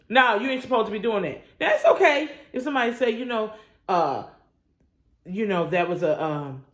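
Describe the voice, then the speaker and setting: A woman's voice: fairly high pitch, very animated, normal speed. A woman leading a morning devotion on her own channel, preaching with call-and-response energy and folksy asides. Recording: roomy echo.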